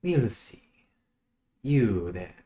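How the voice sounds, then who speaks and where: A man doing a hushed, sinister fey warden. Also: on the low side, very animated, full character voice. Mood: measured. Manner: hushed, measured, ominous. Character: soft-spoken sinister male fey warden. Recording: echoey room.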